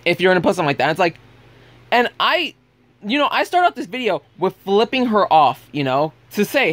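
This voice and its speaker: A man's voice: high-pitched, very animated, brisk, a bit bright. A young man telling a heated story in a casual vlog rant, blunt and swearing freely. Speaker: vlogger.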